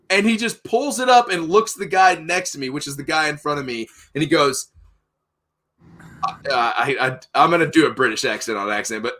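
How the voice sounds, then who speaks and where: A young man tells a war story with loads of swearing and big bursts of energy. His voice sits a bit high and sounds bright and sharp. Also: fairly quick. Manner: profane, animated storyteller. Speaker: podcast host. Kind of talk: casual storytelling.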